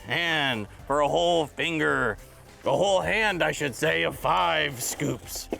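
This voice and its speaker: A man hosting a children's show in a pirate persona, exclaiming excitedly and dropping growled "yar" interjections while he plays outdoors in the dirt. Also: fairly high pitch, slow, gravelly, soft background music. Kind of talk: playful talk to young kids.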